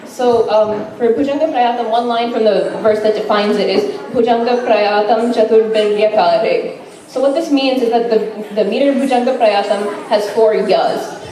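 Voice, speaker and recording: A woman's voice: fairly high pitch, warm tone. A woman giving an informal class presentation, enthusiastic and chatty, with frequent fillers. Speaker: student presenter. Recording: echoey room, mic far off.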